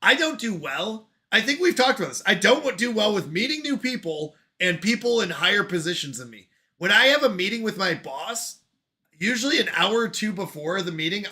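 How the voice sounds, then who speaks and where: Bright-voiced man chatting with his stream. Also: sits high, animated. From Canada. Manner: chatty, self-deprecating, quick to laugh at himself. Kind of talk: casual chat reading and answering chat.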